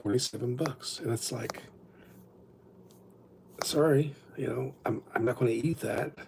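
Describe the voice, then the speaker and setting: A man's voice: mid-range voice, fairly quick, gravelly, a little mellow, slight background noise. A man hosting a livestream, telling rambling stories with lots of restarts in a casual chat. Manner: rambling, self-interrupting storyteller. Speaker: livestream host.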